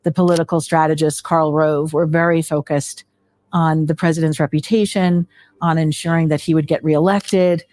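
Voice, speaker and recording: Flat-voiced woman giving halting testimony. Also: low-pitched. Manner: halting, with many fillers and restarts. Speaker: interviewee, widow of a victim. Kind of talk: documentary interview testimony.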